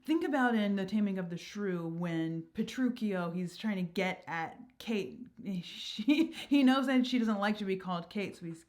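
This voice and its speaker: A woman explaining poetic meter in a chatty lesson, reading quoted lines slowly and softly. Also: mid-range voice, expressive. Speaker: verse teacher.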